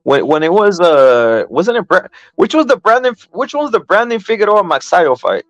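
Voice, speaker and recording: A man's voice: sits high, very animated, normal speed, no echo, poor audio. A man in casual boxing chat, profane, rambling and emphatic.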